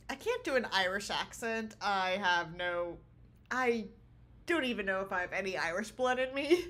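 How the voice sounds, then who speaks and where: A woman's voice: medium pitch, expressive, normal speed, a bit bright. A woman streamer chatting casually with her viewers from home, giggling often and rambling. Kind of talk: casual livestream chat. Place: small home room.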